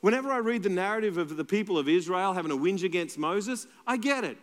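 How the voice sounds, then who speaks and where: High-voiced Australian pastor in a reverberant hall. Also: male voice, lively intonation, fast talker, a bit bright. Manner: conversational and playful, jokes with the congregation. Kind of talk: sermon.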